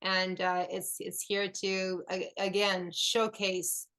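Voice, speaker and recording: A woman's voice: mid-range voice, little pitch movement, slow, a bit bright, rough recording. A woman host speaking earnestly and affirmingly to her guest and audience. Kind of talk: encouraging talk to guest and audience.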